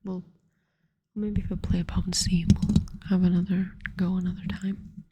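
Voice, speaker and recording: A woman host giving soft-spoken ASMR commentary over a card game, rambling to herself in a whisper close to the microphone. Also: lowish voice, little pitch movement, moderate pace, very noisy. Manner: softly whispered, rambling self-talk. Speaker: ASMR gaming channel host.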